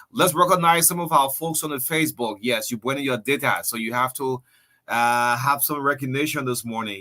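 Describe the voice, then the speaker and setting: A man's voice: mid-range voice, sharp tone. A man with a Liberian English accent hosting a breakfast radio show, chatting loosely and reading out listener greetings. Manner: chatty, storytelling, loose with fillers and laughs. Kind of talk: casual radio talk, reading listener shout-outs.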